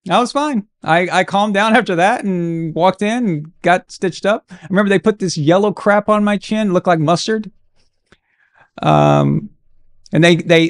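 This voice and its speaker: A man's voice: high voice, smooth. Chatty man on a live game stream. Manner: casual, encouraging, chatty. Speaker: watch-along stream host. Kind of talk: live game watch-along commentary and storytelling.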